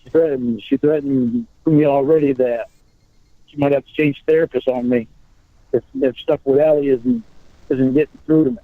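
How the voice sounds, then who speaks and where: A man on a phone call, talking in halting bursts and repeating his words as he restarts. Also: mid-range voice, animated, vocal fry, no echo. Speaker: caller on a recorded phone call. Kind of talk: casual phone conversation. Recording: tinny phone line.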